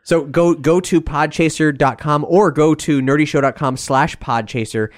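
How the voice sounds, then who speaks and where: A man hosting a casual podcast, chatty and upbeat as he reads listener reviews. His voice sits a touch high for a man, and the sound is dry and close. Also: normal speed, dry recording. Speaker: podcast host.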